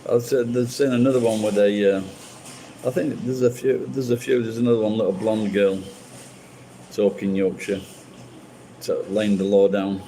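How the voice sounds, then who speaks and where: Man with a Sheffield accent, warm and low. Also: little pitch movement, moderate pace, slight background noise, low-quality recording. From Sheffield, England. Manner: rambling, with frequent restarts. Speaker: livestream host chatting with viewers. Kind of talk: casual chat.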